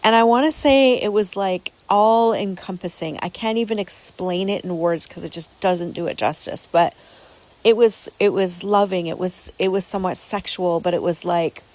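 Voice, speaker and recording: A woman's voice: fairly low pitch, normal speed, darkish tone, rough recording. Earnest rambling woman telling a story. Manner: frequent restarts and repeated words. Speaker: podcast host. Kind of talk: casual spoken storytelling.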